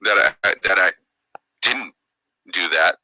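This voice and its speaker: A man's voice: sits low, takes it slowly, pushed and bright, no room sound, rough recording. A man hosting a livestream, arguing angrily and defensively, swearing often. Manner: angry, profane, defensive ranting. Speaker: livestream host. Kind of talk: heated livestream argument.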